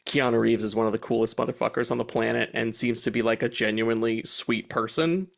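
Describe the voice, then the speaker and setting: A man co-hosting a film podcast, telling a story in a lively, profane, fast-bursting way. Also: medium pitch, vocal fry. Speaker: podcast co-host. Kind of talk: casual film podcast chat.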